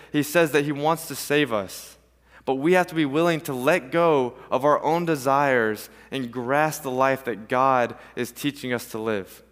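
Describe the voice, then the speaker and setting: A man's voice: mid-range voice, fairly bright tone. A man preaching a sermon to a congregation, reading scripture and telling a story. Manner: storytelling, acts out voices in an anecdote. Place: church sanctuary. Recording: long reverb of a large hall.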